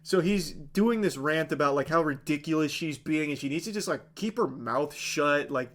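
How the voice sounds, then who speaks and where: A man's voice: fairly high pitch, animated, normal speed, hardly any pauses, a bit bright. A man live-streaming a casual, sarcastic movie recap, rambling with lots of "like" and swearing freely. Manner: rambling with many fillers like "like".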